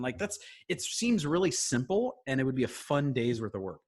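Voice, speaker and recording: A middle-aged man co-hosting a casual comedy podcast, with a mid-range voice. He riffs loosely and tends to break into loud, goofy put-on voices. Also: mid-range voice, sing-song, moderate pace, hardly any pauses, slightly rough. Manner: jokey, bursts into loud silly voices. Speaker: podcast co-host.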